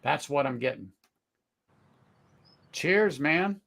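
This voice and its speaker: A middle-aged man hosting a live whisky tasting, talking casually, searching for words, then bursting into excited exclamations. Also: a little high, slow pace. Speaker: whisky tasting livestream host.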